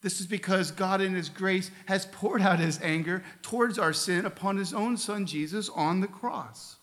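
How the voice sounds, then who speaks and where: Guy preaching a sermon, kinda high voice, earnest but chatty with little jokes. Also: moderate pace, a bit bright. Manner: earnest preaching with conversational asides and humor. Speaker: pastor.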